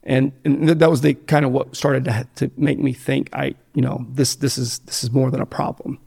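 A man's voice: mid-range voice, little pitch movement, moderate pace, gravelly, darkish tone. An American man speaking bluntly and profanely, rambling with fillers and restarts as he tells his story in an interview. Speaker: guest telling his addiction story.

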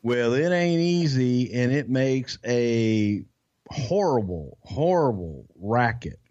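A man's voice: medium pitch, lively intonation, slow pace, a little mellow, lo-fi sound. A man co-hosting a podcast, telling a backstage story in a rambling, profane way with lots of restarts. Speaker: podcast co-host. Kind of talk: casual storytelling chat.

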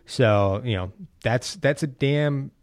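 A man hosting a casual sports podcast, rambling and animated with frequent restarts. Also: mid-range voice, takes it slowly, no room sound, studio quality. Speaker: podcast host.

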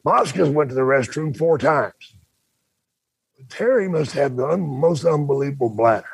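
An older man spins a loud, profane road story in easy podcast chat. His voice is husky and sits a little high. He is recorded dry and close. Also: moderate pace, no echo. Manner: animated, acts out voices, swears freely. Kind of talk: casual storytelling.

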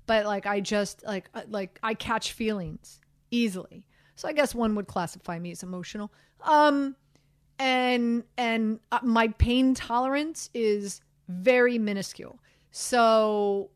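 A woman hosting a sports radio show, chatting in an animated, self-deprecating way with lots of fillers, on a studio microphone. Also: mid-range voice, no room sound. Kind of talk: casual sports talk chat.

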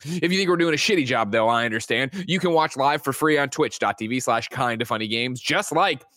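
A man hosting a casual video game news show, joking and talking in a quick, energetic way. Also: medium pitch, dry recording, studio quality. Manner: energetic, joking, rapid-fire host delivery. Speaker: host.

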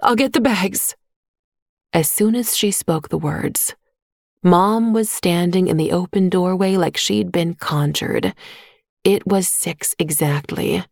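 A woman narrating a short story in a measured, even voice on a close microphone. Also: lowish voice, gravelly, no room sound. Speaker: audiobook narrator. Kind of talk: scripted narration.

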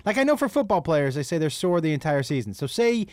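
A man's voice: fairly high pitch, very animated, quick pace, a little mellow, no room sound. A man hosting a podcast, asking curious questions in a casual interview and sharing his own views. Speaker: podcast host.

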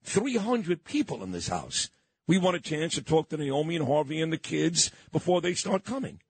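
A man's voice: on the high side, very animated, moderate pace, slightly rough, dry recording. A man, a radio host reminiscing in a sentimental, rambling way. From Brooklyn, New York. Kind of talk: reminiscing on-air chat.

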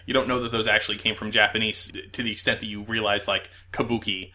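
Bright-voiced man explaining word origins. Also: on the low side, level tone, fast talker. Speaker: quiz show regular presenting a word round. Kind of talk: casual podcast quiz chat.

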